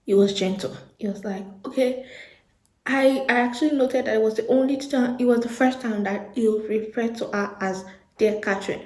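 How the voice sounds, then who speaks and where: Young woman book vlogger, gushing and giggly, a bit high-voiced, roomy echo. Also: fairly quick. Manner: gushing, animated, repeats herself, laughs often. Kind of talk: casual chat to camera. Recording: echoey room.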